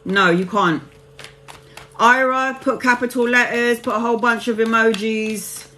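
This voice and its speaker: A woman's voice: a little high, fairly even intonation, a little slow, sharp tone, slight background noise. A woman hosting a live tarot reading, chatting casually with viewers and calling them honey and babes.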